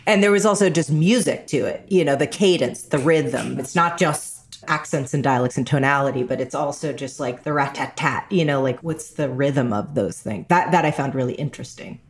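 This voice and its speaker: A woman from New York with an American accent, chatting as an interview guest and telling animated stories. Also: rumbling low, normal speed, few pauses, slightly rough. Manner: animated storyteller, slips into voices. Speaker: actor and guest. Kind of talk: casual interview chat.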